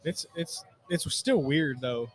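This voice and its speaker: A man's voice: on the high side, expressive, takes it slowly. A man hosting a podcast, chatting in a laid-back, joking way at a convention. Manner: laid-back, laughing, bro-ish. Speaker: podcast host. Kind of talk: casual convention podcast chat.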